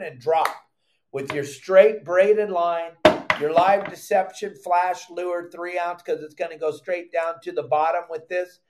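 Animated older man hosting a fishing show. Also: high voice, reverberant, heavy background noise. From Southern California. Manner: animated, loud, surfer slang. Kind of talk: live fishing instruction.

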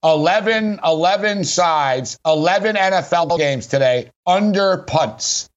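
On this sports radio show, the middle-aged host speaks in a higher register, animated yet unhurried, while the recording's highs are cut off. His talk about football and betting is blunt and meandering, peppered with repeated "big man" remarks.

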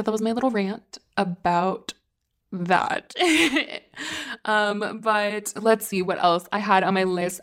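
Chatty woman podcast host rambling. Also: medium pitch. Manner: gushing, rambling, heavy "like" filler, swears casually. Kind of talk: casual solo podcast chat.

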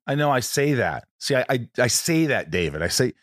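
A male actor hosting a candid conversation, an animated storyteller who acts out what people said. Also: medium pitch, fast, hardly any pauses, no echo, clean studio sound. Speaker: actor host.

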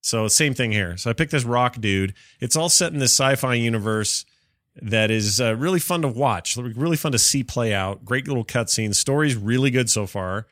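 A man's voice: medium pitch, normal speed, fairly bright tone, dry recording. A man chatting on a gaming podcast, rambling eagerly and restarting his sentences with plenty of fillers. He sounds a bit stuffy from allergies, and his voice sits mid-range. The studio mic is close and dry. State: sneezy, coughing from allergies. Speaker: podcast co-host. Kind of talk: casual gaming podcast chat. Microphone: studio mic with cough switch.

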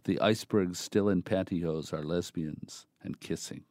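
A man reading a poem aloud in a measured, deliberate recitation. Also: sits low, darkish tone, no echo. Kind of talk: poetry reading.

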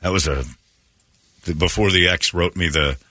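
Deep-voiced self-mocking radio host. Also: male voice, moderate pace, no echo, studio quality. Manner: self-mocking storyteller, acts out quotes loudly. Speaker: radio morning show host. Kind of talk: casual chat. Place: radio studio. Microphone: studio microphone.

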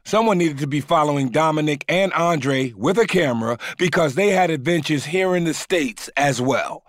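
A man's voice: on the high side, moderate pace, no room sound, clean studio sound. A man hosting a podcast, narrating between clips in a casual, slangy way. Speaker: podcast host.

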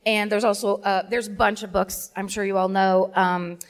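A woman hosting a live comedy true-crime podcast. She tells the story in an animated, sweary, self-mocking way, laughing as she goes. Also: mid-range voice, moderate pace. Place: live theater stage before an audience.

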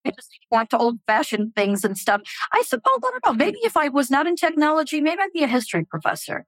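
An older woman from England, a hospital technology executive, talking in a casual interview with animated, storytelling delivery. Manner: animated, expressive storytelling with quick pitch jumps. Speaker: hospital chief information officer, guest.

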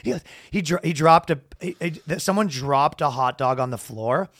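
A man telling a comedic story on a podcast, loud and animated, with bursts of shouted announcer impressions. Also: a little high, normal speed. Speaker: podcast co-host.

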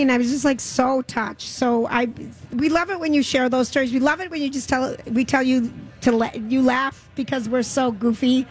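Bubbly high-voiced woman radio host. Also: steady tone, normal speed, poor audio. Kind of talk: casual radio chat. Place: fair broadcast booth.

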